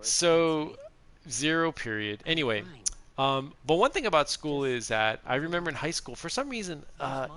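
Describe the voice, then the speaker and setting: A man's voice: on the high side, sing-song, moderate pace, a bit bright. A middle-aged man streaming a video game, chatting in a rambling, casual way and laughing often. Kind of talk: casual gameplay chat.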